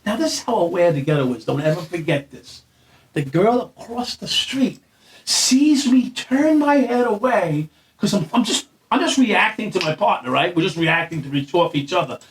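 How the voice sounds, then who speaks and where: Animated New man telling a story. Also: high-pitched, moderate pace, recorded from a distance. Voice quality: animated, swearing, laughs through the story. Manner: acts out quoted lines in a raised voice. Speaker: guest. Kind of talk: storytelling in casual chat.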